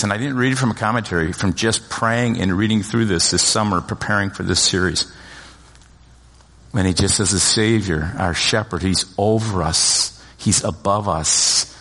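A middle-aged man preaching a sermon, telling humorous stories and joking with the congregation in a church. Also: on the low side. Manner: storytelling with humor, lively asides to congregation. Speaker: pastor. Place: church sanctuary. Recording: long hall reverb.

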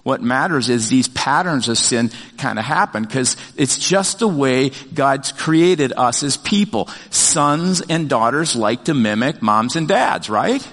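An older man delivers a sermon in a middle-pitched voice, chatty and animated, often restarting his sentences with fillers. His voice carries a long reverb from a church sanctuary. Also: measured pace, few pauses. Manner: conversational, animated storytelling with many fillers and restarts. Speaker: pastor.

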